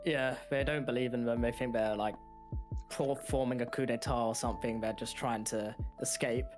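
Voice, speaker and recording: A man with a mid-range voice joins a casual anime discussion, often chiming in with quick agreements before adding his own points. Music plays behind him. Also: mid-range voice, steady tone. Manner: frequent short agreeing interjections. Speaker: podcast co-host. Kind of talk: casual anime episode breakdown chat.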